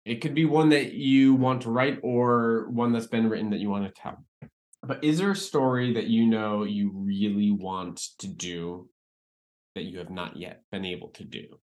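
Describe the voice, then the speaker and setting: Very low-voiced woman interviewer. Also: moderate pace. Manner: warmly encouraging, asks questions gently. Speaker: interview host. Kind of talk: casual interview chat.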